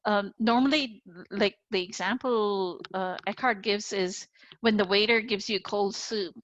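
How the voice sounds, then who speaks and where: A woman's voice: medium pitch, steady tone, unhurried, slight background noise. A woman co-hosting a reflective spiritual conversation, talking earnestly and unhurriedly with frequent fillers and "right?" tags. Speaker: co-host. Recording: dry, slightly dull audio.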